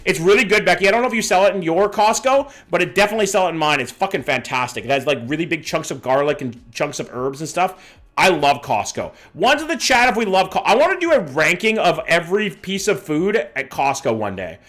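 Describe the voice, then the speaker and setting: A man's voice: a little high, big pitch swings, fairly quick, a bit bright. A man in his thirties, a streamer from Vancouver, swearing casually as he chats with viewers while guessing locations. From Vancouver, Canada. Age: 30s. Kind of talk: live-stream commentary, reading chat.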